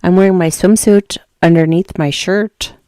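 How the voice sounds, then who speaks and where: A woman's voice: lowish voice, steady tone, normal speed, dark tone, no room sound, studio quality. A woman commentating on a livestream, tossing out chatty asides. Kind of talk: casual chat.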